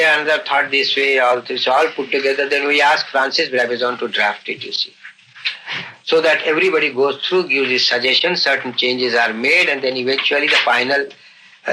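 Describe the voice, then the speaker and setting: An older man recounting events in an unscripted interview, earnest and halting, often saying "you see". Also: mid-range voice, bright, forceful tone, slight background noise, low-quality recording. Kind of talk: unscripted storytelling.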